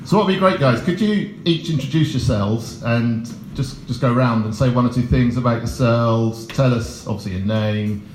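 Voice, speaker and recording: A man's voice: medium pitch, normal speed, few pauses, a little hiss or hum. A man hosting a church evening, joking and upbeat as he talks to a crowd and to people on a video call. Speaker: event host. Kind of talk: lively casual hosting. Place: large church hall with audience. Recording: echoey hall with crowd.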